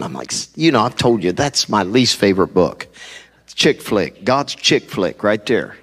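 A man pastor preaching a sermon, telling a personal story with animated delivery and acting out conversations. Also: on the low side, moderate pace, slightly rough. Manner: animated, acts out conversations, laughs at himself. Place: church sanctuary.

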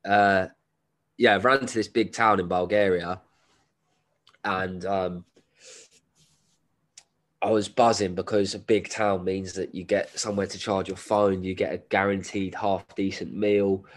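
Low-voiced bloke, podcast guest with a cold, laddish and sweary storyteller. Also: male voice, flat delivery, unhurried, long pauses. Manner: swearing, laddish slang, laughs while telling. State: has a cold. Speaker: guest, endurance runner. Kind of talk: casual storytelling.

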